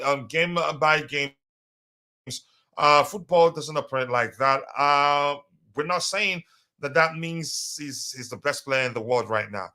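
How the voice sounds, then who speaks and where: A man's voice: fairly high pitch, pushed and bright. A man hosting a fan live stream, chatting casually and reading out viewer comments with many hesitations. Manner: hesitant, many fillers, reads comments aloud. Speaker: host of a fan livestream.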